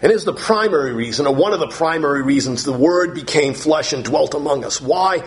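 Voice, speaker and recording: A man preaching a sermon, emphatic, piling up synonyms and rising to shouts on key words, and putting questions to the congregation. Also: on the high side, lively intonation, fairly quick. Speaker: pastor.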